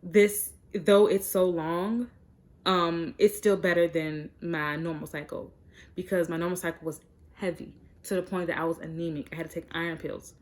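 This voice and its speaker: Young woman, vlogger, frank casual chat, slightly low voice, chatty with fillers. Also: steady tone, normal speed, darkish tone. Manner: chatty and direct, many fillers.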